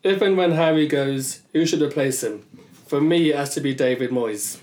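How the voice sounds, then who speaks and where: Guy, bit high voiced, lots of ums, thinking it over on a footy podcast. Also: normal speed, darkish tone. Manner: thoughtful, hesitant with ums. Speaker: podcast co-host. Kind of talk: casual football podcast chat.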